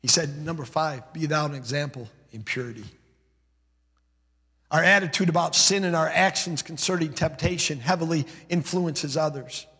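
A man's voice: a little high, normal speed, pushed and bright, slightly rough, in a large hall. A male pastor preaching a sermon, emphatic, building his points through rhythmic repeated lists.

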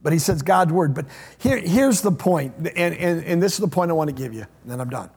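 A man preaching a sermon as pastor, repeating phrases and swinging between loud emphatic lines and hushed low ones. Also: expressive, a little fast, gravelly, husky. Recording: long hall reverb.

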